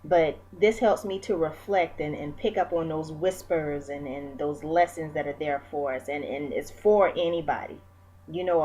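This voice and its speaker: A woman in her forties speaking in a fairly low voice, candid and encouraging as she reflects on her own life. She talks directly to her viewers, with plenty of fillers and friendly asides. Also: a little mellow, poor audio. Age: 40s. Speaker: vlogger. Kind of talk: reflective personal talk.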